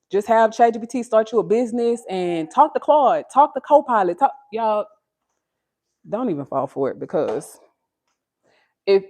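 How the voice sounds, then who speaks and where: A woman from Texas hosting a casual livestream from home on her phone. She talks straight to her viewers in an earnest, preachy way. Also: a little mellow. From Texas, USA. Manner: high sing-song baby talk to her child. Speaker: livestream host.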